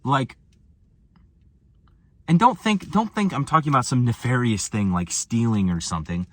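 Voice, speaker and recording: Recorded with no echo, this young American vlogger speaks at a moderate pace in a casual storytelling rant about his travels and how bored he gets. His slangy, animated delivery jumps between mumbled lows and exclaimed highs.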